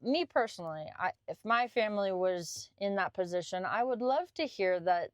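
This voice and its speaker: A woman who works as a caregiver tells a heartfelt personal story, her feelings close to the surface. Her voice is smooth and resonant, and it sits at an ordinary middle pitch. The recording is dry and close. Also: animated, moderate pace, no echo. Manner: warm, emotional, chokes up easily. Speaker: podcast guest, caregiver.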